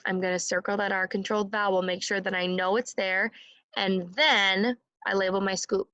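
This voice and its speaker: A woman teaching phonics to a young class, slow and encouraging, sounding each word out for the children to repeat. Her voice sits at a middle pitch. The recording is dry and close, with no room around it. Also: steady tone, sharp tone, no room sound, lo-fi sound.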